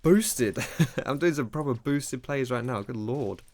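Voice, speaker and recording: A man's voice: mid-range voice, measured pace, background noise. A young man commentating his own gameplay live, self-critical and rambling, with casual slang and swearing. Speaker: gaming streamer.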